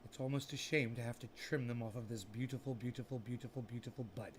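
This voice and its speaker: A man hosting a casual livestream, using an affected, proper English-sounding persona. He talks in a theatrical, self-mocking way, narrating his own work and chiding a quiet chat with drawn-out repetitions. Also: medium pitch, steady tone, slight background noise. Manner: drawn-out repetitions and mock indignation. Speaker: livestream host.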